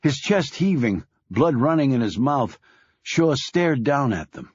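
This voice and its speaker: A husky male voice narrating a thriller audiobook, grave and measured, with a lively rise and fall in pitch. The sound is dry and slightly dull, close to the mic. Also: no echo. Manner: grave, measured, dropping low on sad lines.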